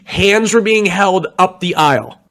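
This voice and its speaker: A man's voice: high-pitched, animated, measured pace, a bit bright. A young man chatting casually on a late-night stream, rambling through stories and acting out what people said. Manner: rambling storyteller, acts out quoted voices. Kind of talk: casual chat.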